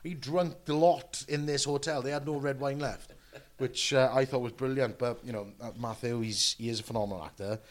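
A man with a Welsh accent, an actor chatting casually and telling lively anecdotes. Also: medium pitch, fairly quick. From Wales. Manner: chatty storyteller, animated. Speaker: actor and podcast guest. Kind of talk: casual chat.

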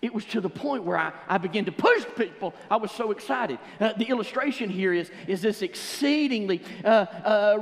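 A male preacher with a bright, ringing voice that swings widely up and down as he tells his stories and breaks into exuberant shouts. His sermon carries through a church sanctuary, trailing a long reverb. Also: very high-pitched. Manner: animated storytelling preacher, bursts into exuberant shouts. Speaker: pastor.

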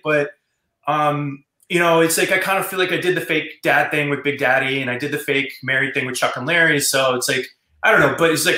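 Male screenwriter guest, casual rambling storyteller, slightly high voice, roomy sound. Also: fairly quick, bright, forceful tone. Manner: rambling, many fillers and restarts.

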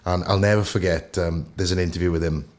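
A Welsh actor in his thirties, a guest in a casual podcast interview, telling lively anecdotes. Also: low-pitched, fast. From Wales. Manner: animated storyteller who acts out anecdotes.

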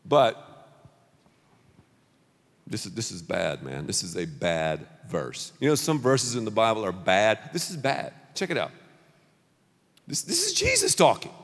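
A man preaching a sermon as pastor, punchy and animated, leading the crowd in call-and-response. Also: on the low side, a little slow, long pauses. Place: large church auditorium. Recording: long reverb of a large hall.

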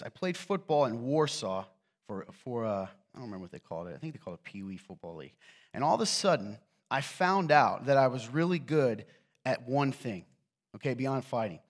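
A man's voice: mid-range voice, expressive, a little fast. A middle-aged pastor with a Southern Appalachian accent that slips through now and then, preaching in an easy, conversational way. He tells personal stories and pokes fun at himself, with asides to the crowd and plenty of "right?". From Eastern Kentucky. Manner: conversational storytelling with self-deprecating humor. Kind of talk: sermon.

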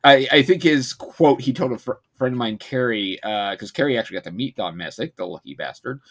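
A man co-hosting a podcast, talking casually in a chatty, halting way with frequent laughs. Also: mid-range voice, fairly bright tone. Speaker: podcast co-host.

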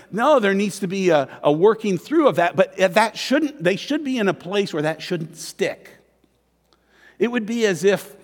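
Lively high-voiced man preaching. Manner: conversational preaching with tag questions; acts out quoted voices in dialogue. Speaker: pastor. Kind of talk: sermon. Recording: long hall reverb.

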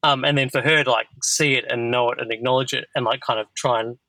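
A man's voice: mid-range voice, fairly even intonation, fast talker, pushed and bright, no echo, low-quality recording. A man in his thirties hosting a podcast, talking in a loose, rambling way full of "like". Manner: rambling, heavy use of filler "like". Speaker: podcast host. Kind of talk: casual conversational chat.

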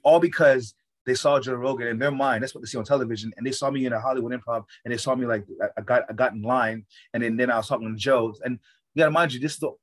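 Comedian dude talking fast, kinda husky, rambles and swears a lot. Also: male voice, medium pitch, steady tone, rough recording. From Florida, USA. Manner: rambling, swears often, restarts. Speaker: stand-up comedian. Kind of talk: casual storytelling.

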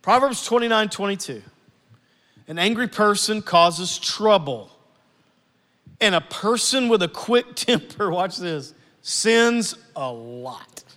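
A man preaching a sermon to his church, animated and acting out family scenes. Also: high voice, measured pace, in a large hall. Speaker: pastor.

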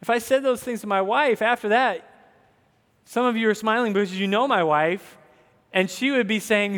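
A pastor in his thirties from the American South preaches a sermon in an earnest, conversational manner, turning aside now and then to address the congregation. His voice sits high, with a fairly bright tone and moderate pace, and the recording has long hall reverb.

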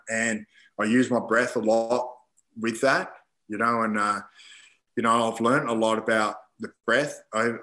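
A man talking as a podcast guest, his voice bright and forceful at an ordinary pitch. He tells personal stories loosely, stringing thoughts together with "you know" and plenty of swearing. He often acts out what he was thinking in the moment. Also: roomy sound, poor audio. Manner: rambling, swears freely, many fillers like "you know". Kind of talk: casual storytelling in conversation.

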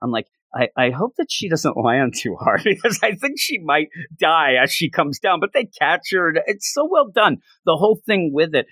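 A man's voice: a little high, big pitch swings, normal speed, hardly any pauses, sharp tone, slightly rough, no echo. Enthusiastic man recapping a comic. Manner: enthusiastic, rambling recap with frequent laughs. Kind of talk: casual comic book review chat.

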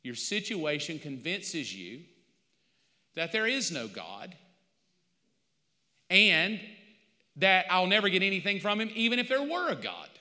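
A middle-aged pastor preaching a sermon, telling a personal story with animated back-and-forth dialogue. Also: male voice, high-pitched, unhurried, long pauses. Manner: animated storytelling, acting out both sides. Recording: long church reverb.

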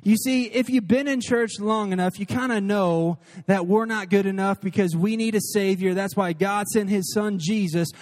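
A man in his thirties preaches to his congregation with a notably high voice. He talks with earnest energy, rushing through asides and then slowing right down to hammer home key lines. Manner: earnest and animated, shifting between quick asides and slow emphatic lines. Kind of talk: sermon. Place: church service before a crowd.

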